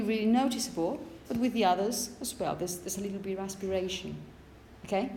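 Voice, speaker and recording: A Spanish-speaking woman teaching a phonetics class, explaining step by step and checking in with the students often. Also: fairly high pitch. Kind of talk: classroom lecture. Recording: roomy classroom, faint background noise.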